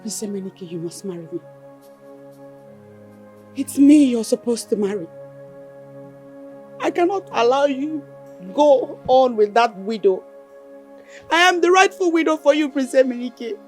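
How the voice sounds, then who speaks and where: A woman's voice: sits high, lively intonation, measured pace, long pauses, soft background music. An actress playing a desperate, scheming village woman, pleading intensely in a film drama. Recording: echoey room with film score.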